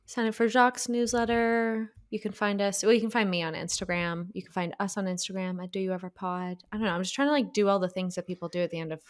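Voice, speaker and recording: A woman's voice: medium pitch, fairly even intonation, fast talker, few pauses. A woman co-hosting a podcast in casual chat, rambling, laughing and poking fun at herself. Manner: rambling, laughing, self-mocking. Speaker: podcast co-host.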